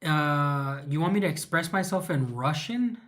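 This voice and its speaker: A man's voice: fairly high pitch, animated, normal speed, a bit bright. A man from California hosting a casual livestream, rambling with many fillers as he reacts to viewer comments. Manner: rambling, many fillers, reads chat aloud. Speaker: livestream host.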